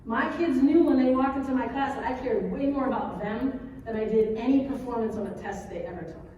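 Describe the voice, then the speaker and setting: A high, mellow female voice carries through a big echoing hall, heard from a distance with faint background hum. She is an educator in her thirties, telling stories in a chatty, animated way and checking in with the audience as she goes. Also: brisk, muffled recording. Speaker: educator giving a conference talk. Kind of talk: conference talk with storytelling. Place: large hall at an educators' conference. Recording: echoey hall from far off.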